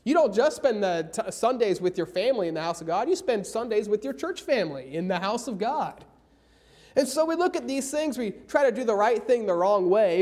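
A man preaches a sermon with an animated, swooping voice that rises and falls across each sentence. He drags out the phrases he wants to stress and slips into old scripture wording when he quotes. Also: high-pitched. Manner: emphatic, slows down for key phrases.

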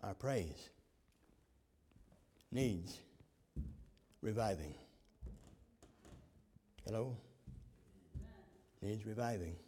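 A man preaching a sermon, fervent, swinging from loud to hushed. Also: on the low side, lively intonation, drawn-out words, pauses often, a little hiss or hum. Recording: long hall reverb.

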